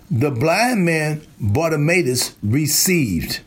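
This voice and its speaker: Preacher, male, unhurried and emphatic, slightly higher voice. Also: very animated, breathy edge. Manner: slow, emphatic preaching with repeated lines. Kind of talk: sermon.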